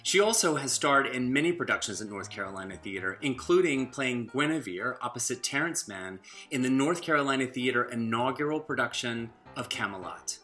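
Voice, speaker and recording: A man's voice: medium pitch, lively intonation, a little fast, hardly any pauses, bright, forceful tone, soft background music. A man reading a polished, scripted introduction of a guest as announcer.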